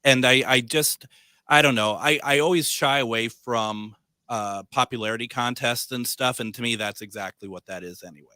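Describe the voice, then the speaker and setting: A man with a Midwestern American accent hosting a paranormal radio show, joking and teasing his guest, halting with many uhs. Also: mid-range voice, sharp tone, clean tone, no room sound. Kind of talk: casual radio chat.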